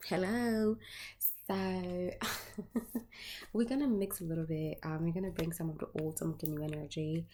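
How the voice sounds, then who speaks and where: A woman's voice: on the low side, fairly even intonation, warm tone, slight background noise. Frank, swearing woman tarot reader. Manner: candid, profane, fast and loose with filler words. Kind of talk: casual chatty tarot video intro.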